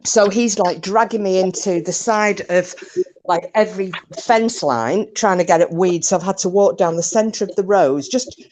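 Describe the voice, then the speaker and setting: A woman's voice: mid-range voice, normal speed, a little mellow, a little hiss or hum. A woman joining a live stream chat, telling an everyday story in a chatty, exasperated way. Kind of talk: casual storytelling.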